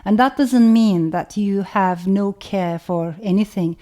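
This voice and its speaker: A woman author with a Turkish accent, speaking in a thoughtful, measured way and often saying "you know". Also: medium pitch, dark tone. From Turkey. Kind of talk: reflective talk to camera.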